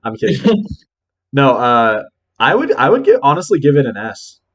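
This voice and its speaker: A man's voice: mid-range voice, wildly swooping pitch, normal speed. A young man co-hosting a casual podcast, rambling through his thoughts with lots of filler words. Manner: rambling, heavy use of "like". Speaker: podcast co-host. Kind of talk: casual chat ranking games.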